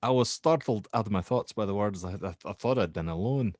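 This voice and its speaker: A man voicing a young Scottish male university student in a put-on Scottish accent, reading a horror statement with halting restarts. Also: lowish voice, a little mellow, no room sound, clean studio sound, voice pushed up, close to an everyday voice. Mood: uneasy recounting.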